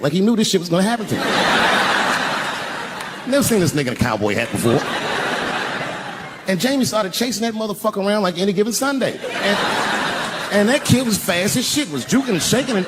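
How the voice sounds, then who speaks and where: Older man, animated profane stand-up storytelling. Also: on the high side. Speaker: stand-up comedian. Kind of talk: stand-up routine. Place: large live arena stage. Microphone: handheld stage microphone. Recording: live recording with background noise.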